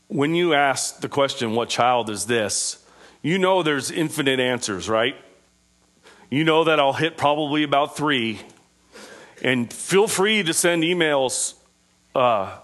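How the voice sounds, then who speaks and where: A man preaching as a pastor swings between loud, emphatic proclamation and quiet, conversational asides. His manner is informal and full of fillers, and his mid-range voice moves at an unhurried pace.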